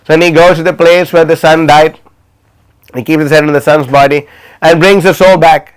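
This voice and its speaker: A man's voice: a little high, steady tone, normal speed, long pauses, smooth. A man telling stories in a class, speaking casually with many fillers and restarts. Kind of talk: storytelling class talk. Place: livestreamed class.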